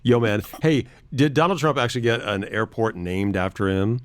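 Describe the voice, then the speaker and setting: A man hosting a podcast in a radio studio at a middle pitch. He chats casually and keeps it playful and jokey, often thinking out loud. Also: expressive, moderate pace. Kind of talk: casual chat.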